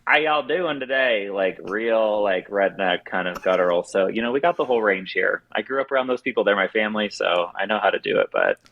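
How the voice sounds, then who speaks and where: A man's voice: low voice, very animated, fast talker, gravelly, hardly any pauses, narrow, tinny audio. A man with a light Southern American accent, a drag performer and guest on a podcast, talking in an earnest, thoughtful way. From southern United States. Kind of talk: casual podcast chat.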